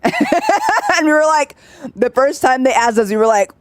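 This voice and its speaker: A woman's voice: high-pitched, huge pitch swings, a little slow, no room sound. Chatty woman streamer, dry sound. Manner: chatty, laughs often, mimics voices in anecdotes. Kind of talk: casual gameplay chat.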